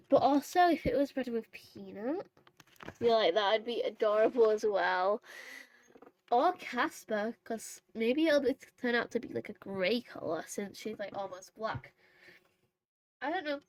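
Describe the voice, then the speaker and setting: A woman's voice: mid-range voice, low-quality recording. A woman vlogging casually over horse role-play gameplay, rambling and chatty with many fillers and self-corrections. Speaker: gaming vlogger.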